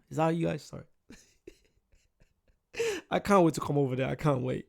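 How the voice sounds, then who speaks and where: A man's voice: fairly high pitch, gravelly. A man with an English accent, rambling and joking in a casual reaction chat. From England. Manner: animated, chatty and rambling, quick to joke. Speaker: reaction video host.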